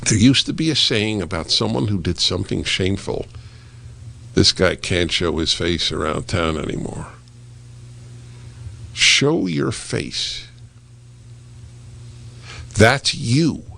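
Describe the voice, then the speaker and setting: A man giving slow, deliberate, argumentative opinion commentary on his radio show. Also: low-pitched, expressive, creaky, sharp tone. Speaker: radio talk show host.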